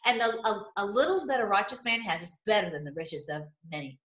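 A middle-aged woman teaching from scripture online, reading verses and commenting with emphatic repetition and sudden excited exclamations. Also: medium pitch, a little fast. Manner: emphatic, repeats lines, breaks into excited exclamations. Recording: echoey room.

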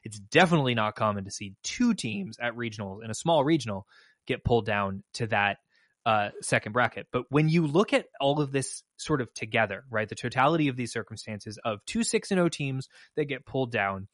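A man's voice: mid-range voice, lively intonation, brisk, a bit bright, no room sound. A man co-hosting a podcast, talking through results in an analytical, emphatic and slightly wry way. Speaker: podcast co-host and mock trial coach. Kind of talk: casual podcast chat.

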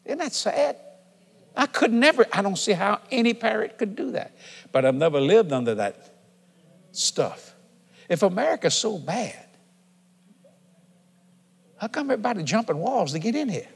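High-voiced man preaching in a hall. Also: very animated, normal speed, gravelly, long pauses, husky. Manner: folksy, building from conversational to shouting. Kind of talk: sermon. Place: church. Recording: long reverb of a large hall.

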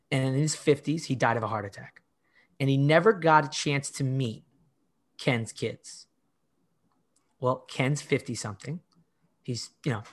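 A man's voice: medium pitch, a bit bright. A middle-aged man, a fitness coach, telling stories in a casual podcast interview with emphatic delivery, often acting out his own past words. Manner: frequent "like" fillers and restarts.

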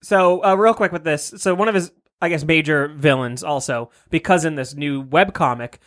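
A man's voice: on the high side, normal speed, a bit bright. A man hosting a casual podcast, rambling about comics with frequent laughs and swearing. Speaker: podcast host.

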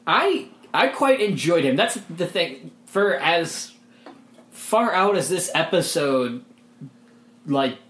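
A man's voice: on the high side, lively intonation, slow pace, a bit bright. A man co-hosting a podcast, chatting casually with wry, tangent-prone asides. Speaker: podcast co-host. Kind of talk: casual chat. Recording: roomy echo.

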